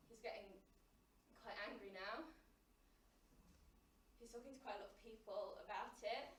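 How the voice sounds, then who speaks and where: A high-pitched young woman delivers a theatrical comic monologue on a live stage. Her voice dips to hushed murmurs and then rises into loud outbursts. She sounds a little distant from the mic, in an echoey room with a faint hum of ambience behind her. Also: moderate pace, pauses often. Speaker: solo performer.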